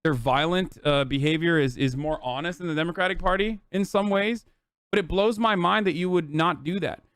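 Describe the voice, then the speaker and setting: A man's voice: on the high side, fairly quick, fairly bright tone, clean tone, no echo. A man livestreaming political commentary, ranting in a heated, profane, exasperated way.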